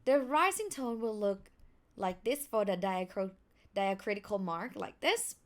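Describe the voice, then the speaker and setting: A young woman with a Thai accent teaching pronunciation, acting out sounds with big swings in pitch. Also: expressive, measured pace. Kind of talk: pronunciation lesson.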